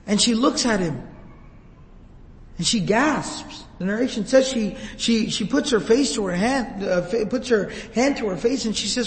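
A man's voice: high voice, expressive, moderate pace, big-room sound, rough recording. A man giving a sermon, telling the story emotively and acting out quoted lines. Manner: emotive, retells scenes with quoted voices. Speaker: preacher.

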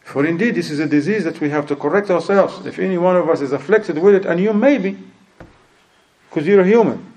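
A man's voice: sits high, brisk, darkish tone, poor audio. A man giving a sermon who acts out quoted people and mixes in Arabic phrases. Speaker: preacher.

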